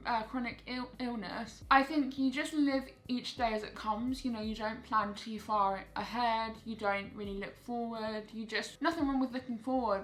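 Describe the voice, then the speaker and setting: A woman's voice: mid-range voice, pushed and bright. A woman in her late teens chatting casually to camera in a Q&A vlog, with lots of "like" fillers. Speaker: YouTuber.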